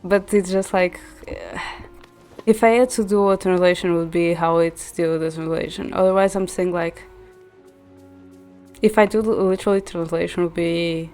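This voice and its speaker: Portuguese lady streamer chatting, lowish voice, restarts a lot, soft music behind. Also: steady tone, normal speed. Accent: central Portuguese. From central Portugal. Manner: chatty, explains with many restarts and fillers. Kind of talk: casual chat while gaming.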